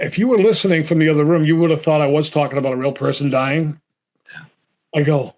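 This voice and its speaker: A man from Boston with a slightly raised pitch recounts a story for an interviewer. He slips into the voices of the people he quotes and stumbles over his words when worked up. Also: brisk. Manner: animated, acts out both sides of phone calls, stammers when excited. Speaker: actor guest.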